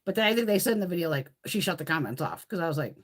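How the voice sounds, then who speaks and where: A woman with a fairly low voice chats on a live makeup stream. Her pitch swings widely as she rants in a blunt, profane, gossiping way. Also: animated, rapid-fire. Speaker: beauty livestream host. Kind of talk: casual chat during a live makeup swatch stream. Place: home, in Connecticut.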